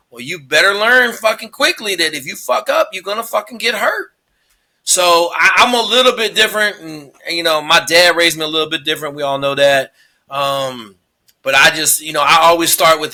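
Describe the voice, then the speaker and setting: A man's voice: sits high, lively intonation, a little fast, bright, forceful tone. A middle-aged man telling stories in casual chat, emphatic and heavy on swearing. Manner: profane, emphatic storyteller.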